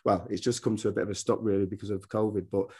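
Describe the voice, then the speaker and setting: A middle-aged man with a fairly low voice talks as a guest about his football career. He rambles from story to story, often restarting his sentences as he goes. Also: little pitch movement, rapid-fire, a little mellow, slightly rough. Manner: rambling anecdotes with many restarts. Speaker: former footballer and coach, guest. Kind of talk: casual podcast interview.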